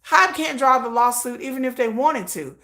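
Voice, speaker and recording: A woman hosts a livestream with a fairly high voice, giving casual commentary. She talks bluntly and with emphasis, dropping slang and profanity and laughing often. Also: animated, moderate pace, a bit bright. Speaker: livestream host.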